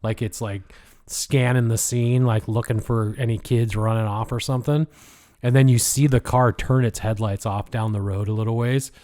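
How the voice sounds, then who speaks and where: A man's voice: mid-range voice, fairly even intonation, moderate pace, mellow. Swearing, rambling Pacific Northwest man. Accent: Pacific Northwest American. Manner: rambling, heavy swearing, whispers quoted lines. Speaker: podcast co-host. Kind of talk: casual storytelling chat.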